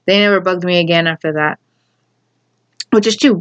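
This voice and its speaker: A woman telling a story from her school days in a casual, rambling way, repeating herself and adding animated asides. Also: lowish voice, a little fast, pauses often, smooth, muffled recording. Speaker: storyteller vlogger.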